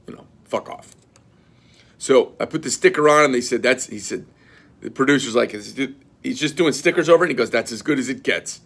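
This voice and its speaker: A middle-aged man, a knife company owner, telling a story in a blunt, profane and animated rant. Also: mid-range voice.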